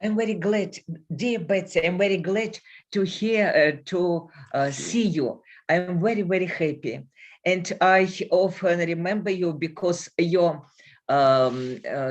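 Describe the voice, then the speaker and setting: A woman with a Russian accent speaking careful non-native English at a conference, pausing to search for words. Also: fairly low pitch, dull audio. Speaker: researcher guest. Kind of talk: conference talk.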